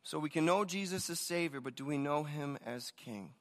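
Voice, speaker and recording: A man's voice: on the high side, moderate pace, in a large hall. A man preaching a sermon with energy, telling stories and often repeating words as he starts a thought. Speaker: pastor.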